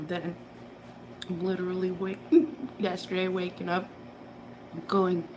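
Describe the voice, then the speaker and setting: A woman's voice: fairly low pitch, little pitch movement, takes it slowly, long pauses. A woman reader talking casually in a rambling, profane monologue, laughing often as she rants. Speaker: tarot reader. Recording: background noise.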